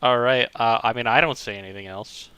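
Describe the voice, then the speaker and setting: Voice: mid-range voice, fairly quick, sharp tone, smooth, dry recording. A player in a tabletop game, joking around and swearing casually.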